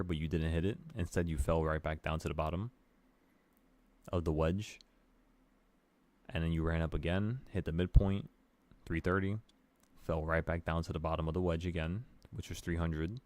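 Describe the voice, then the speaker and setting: Male trading streamer, deep voice, casual and offhand, swears. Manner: relaxed, swearing, talks to viewers with "bro". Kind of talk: casual chart walkthrough.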